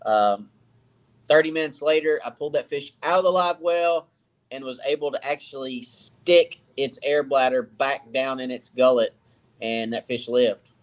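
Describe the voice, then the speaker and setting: Male fishing host, live-stream chat from his workshop, loose and rambling, mid-pitched voice. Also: moderate pace. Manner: rambling, easygoing, greets viewers by name. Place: cluttered home workshop.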